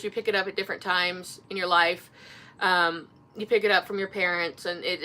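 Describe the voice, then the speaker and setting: A woman with an Indiana accent talks casually to her camera, wandering through her thoughts with frequent fillers and restarts. Her voice is bright and forward, sitting at an ordinary middle pitch for a woman. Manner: rambling, many fillers and restarts. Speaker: author and vlogger. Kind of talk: casual chat.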